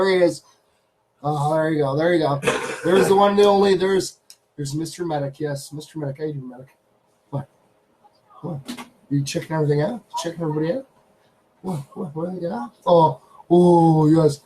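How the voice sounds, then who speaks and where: A man's voice: a little high, fairly quick, noisy background. A Canadian man hosting a casual live stream from his home studio. He chats loosely, repeats his phrases, and calls out to his pets.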